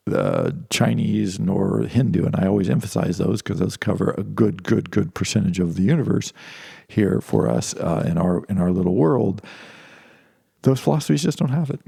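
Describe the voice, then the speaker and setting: A man's voice: low-pitched, gravelly, mellow, slightly rough, dry recording, studio quality. A man giving an informal philosophy lecture, talking conversationally with many restarts and asides.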